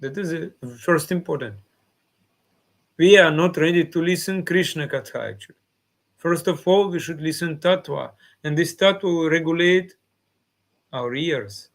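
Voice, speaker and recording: A spiritual teacher with a fairly high voice speaks at normal speed, giving a devotional class in simple, non-native phrasing. He often acts out the replies of his listeners.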